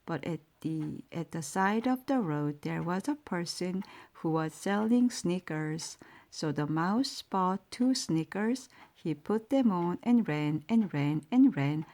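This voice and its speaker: A woman reading children's bedtime stories aloud in a slow, sing-song manner. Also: on the low side, lively intonation, darkish tone. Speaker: storyteller.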